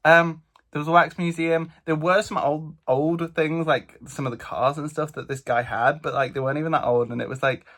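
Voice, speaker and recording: A man from England with a British accent, recapping his solo trip in a chatty, animated vlog with a slightly stuffy nose. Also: a little high, normal speed. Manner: chatty, animated storytelling with lots of "like". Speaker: vlogger. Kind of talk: casual travel vlog recap.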